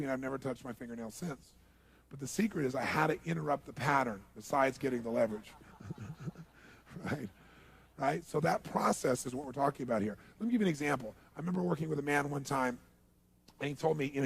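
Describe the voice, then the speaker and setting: A man's voice: a little high, creaky, slightly rough. A middle-aged man, a motivational seminar speaker, telling stories to a live audience and acting out the people he quotes. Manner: animated, acts out quoted people, quizzes the audience.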